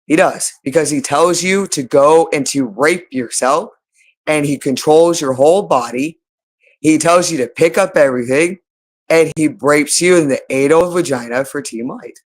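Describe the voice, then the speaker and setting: A woman's voice: low-pitched, normal speed. A woman speaking in an unscripted monologue to camera, agitated and accusing, looping back to the same phrases again and again. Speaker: channel host.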